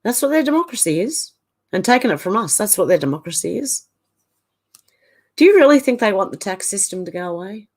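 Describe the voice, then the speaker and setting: A middle-aged woman hosts a livestream in a casual chat, reading out viewer comments and reacting to each one with quick opinions. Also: medium pitch, big pitch swings, a little mellow. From Australia. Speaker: livestream host.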